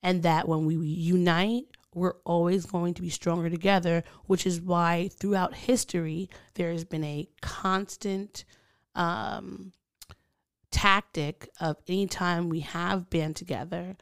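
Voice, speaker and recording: Podcast co-host, woman, low-pitched, smooth and clear, earnest and filler-heavy. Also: steady tone, measured pace, dry recording, studio quality. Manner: earnest, thoughtful, with many fillers. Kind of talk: casual podcast chat.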